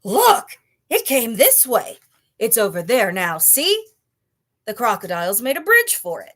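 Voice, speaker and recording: A woman voicing a mob of furious wild jungle animals in a storybook reading, shrieking loudly. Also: a little high, huge pitch swings, a little slow, voice pushed up, full character voice. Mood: excited. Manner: shrieking, loud.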